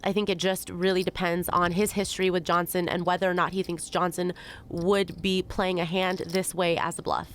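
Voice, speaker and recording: A woman giving analytical poker commentary in a measured, thoughtful way. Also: on the low side, little pitch movement.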